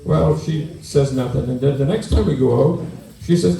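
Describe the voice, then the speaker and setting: A man's voice: mid-range voice, normal speed, creaky, mellow, recorded from a distance. Newfoundland man telling jokes in a roomy hall. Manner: folksy dialect jokes, chatting with the crowd. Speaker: stand-up comedian. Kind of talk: stand-up storytelling in character. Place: event hall with an audience.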